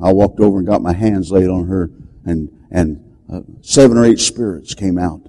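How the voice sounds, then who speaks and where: An older man preaching, telling a story dramatically and shouting the commands he quotes. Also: low-pitched, fairly even intonation, moderate pace, low-quality recording. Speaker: deliverance preacher. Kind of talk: storytelling sermon.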